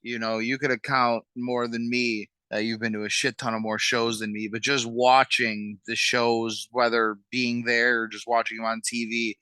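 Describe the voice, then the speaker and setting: A man's voice: mid-range voice, flat delivery, moderate pace, hardly any pauses, bright, forceful tone, clear, resonant tone, no echo. A man co-hosting a sports podcast, laid back and casually swearing as he explains stats. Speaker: podcast co-host.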